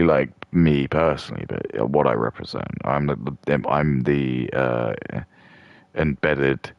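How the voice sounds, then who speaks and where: A man's voice: a bass voice, gravelly, no room sound, muffled recording. A man ranting in a crude, rambling way as a streamer doing mock commentary. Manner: rambling, crude, with many restarts and fillers.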